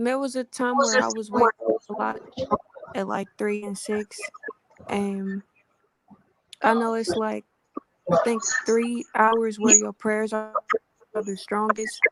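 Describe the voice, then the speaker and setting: A woman in a casual group chat, speaking slowly, quietly and hesitantly from a distance. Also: on the high side, level tone, creaky. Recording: noisy, distant line.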